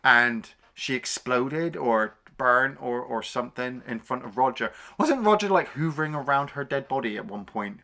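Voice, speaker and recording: A man co-hosting a film review podcast, retelling the plot in a casual, animated way, swearing freely and acting out scenes. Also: medium pitch, moderate pace, hardly any pauses.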